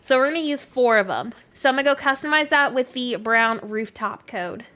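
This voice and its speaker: A woman's voice: a little high, brisk, bright, forceful tone. Chatty Canadian woman with a Southern twang. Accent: Canadian mixed with American Southern. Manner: chatty, reads and answers chat, many "like" fillers. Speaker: game streamer. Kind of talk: casual live-stream chat.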